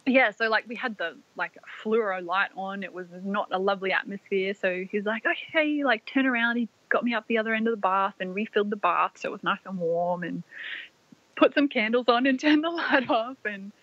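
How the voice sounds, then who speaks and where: A young Australian woman, a podcast guest, telling a personal story in a soft, rambling way full of "like" fillers. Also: medium pitch, a little fast, dry recording. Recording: dry, slightly dull lo-fi audio.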